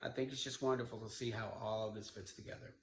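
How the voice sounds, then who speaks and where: A man's voice: fairly low pitch, fairly even intonation, fast talker. A man giving an informal Bible study, retelling the story in a conversational way with asides. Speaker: Bible teacher. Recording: echoey room with faint background noise.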